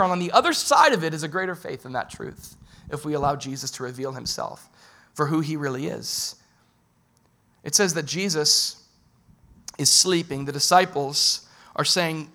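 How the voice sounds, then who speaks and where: Conversational male pastor, slightly high voice. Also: a little fast. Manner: conversational, asks the audience direct questions; swings from loud emphatic bursts to quiet low lines. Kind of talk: sermon.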